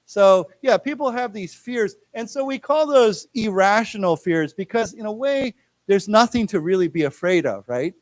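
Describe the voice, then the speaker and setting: A man's voice: high-pitched, animated. Chatty American man teaching English. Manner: chatty, repeats words slowly for the class to echo, stammering restarts. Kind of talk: live classroom English lesson. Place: lecture room.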